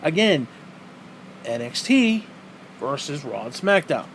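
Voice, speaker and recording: A man's voice: on the high side, sing-song, takes it slowly, fairly bright tone, a little hiss or hum. Profane, exasperated man ranting solo. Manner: profane, exasperated ranting with mocking rhetorical questions. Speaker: podcast host. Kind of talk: solo ranting podcast monologue.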